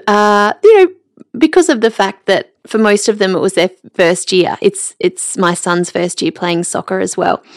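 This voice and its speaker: A woman's voice: on the low side, dry recording, clean studio sound. A middle-aged woman hosts a podcast and tells a personal story. She laughs often while she talks. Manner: warm, laughs often while telling stories. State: emotional, near tears. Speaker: podcast host.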